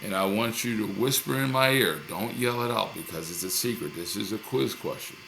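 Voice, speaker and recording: A man's voice: fairly low pitch, a little fast, vocal fry, background noise. A male teacher recording a lesson video for his class, upbeat and encouraging, often repeating himself.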